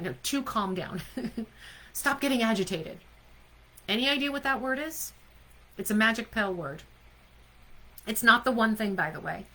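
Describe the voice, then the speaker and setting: A woman with a bright, clear voice leads a live online coaching session as a leadership coach. She speaks with emphasis and keeps asking her audience questions. Her pitch sits in a middle range. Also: rough recording. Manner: emphatic, asks the audience questions, often adds "right?".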